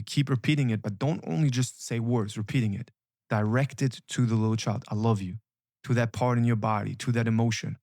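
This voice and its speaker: A man's voice: medium pitch, fairly even intonation, a little fast, a little mellow, dry recording, studio quality. A man coaching listeners on emotional healing, speaking emphatically and repeating key phrases with urgency. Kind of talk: motivational coaching talk.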